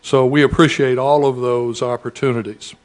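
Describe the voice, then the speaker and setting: A man, a school district administrator, giving a formal public speech in a measured way with frequent "uh" pauses. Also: mid-range voice, level tone. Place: school event audience setting.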